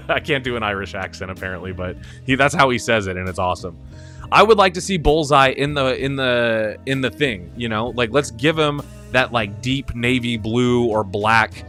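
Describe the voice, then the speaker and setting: Young male streamer, casual chatty commentary, sharp bright tone, light music bed. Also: medium pitch, normal speed. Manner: enthusiastic, rambling, laughs and swears often. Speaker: stream host.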